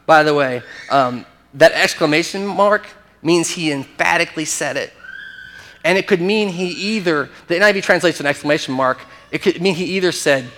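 Man, pastor, sermon, higher-pitched voice, animated, emphatic, restarts phrases. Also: a little fast.

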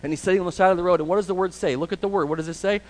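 A male preacher delivers a sermon with strong emphasis and speaks directly to his listeners. His voice sits a little high for a man. He often pushes his words out to drive a point home. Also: fairly even intonation, rapid-fire, poor audio. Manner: emphatic, addresses the congregation directly. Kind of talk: expository sermon.

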